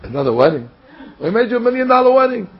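A man's voice: high voice, animated, a little fast, slight background noise. A man voicing an old king who presses a humble farmer to marry his daughter, persuasive and insistent. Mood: astonished. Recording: dull lo-fi recording.

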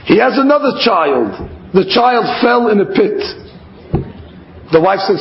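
A man, a religious teacher, telling stories in a sermon and acting out the quoted lines with lively shifts of voice. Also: high voice, unhurried, a little hiss or hum. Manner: lively storyteller who acts out the quoted lines. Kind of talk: storytelling sermon. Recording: roomy, slightly dull recording.

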